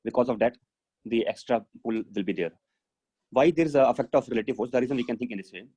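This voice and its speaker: Speaking quickly in a mellow, husky, medium-pitched voice, a man leads a live physics class on a video call. He works through explanations step by step, thinking out loud and using plenty of fillers.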